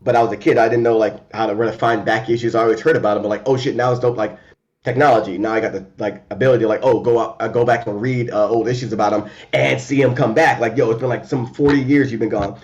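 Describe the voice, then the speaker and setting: A man in a casual remote chat, talking fast and loose with lots of fillers, restarts and swearing. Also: mid-range voice, dull audio. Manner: animated and profane, many fillers and restarts. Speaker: podcast co-host.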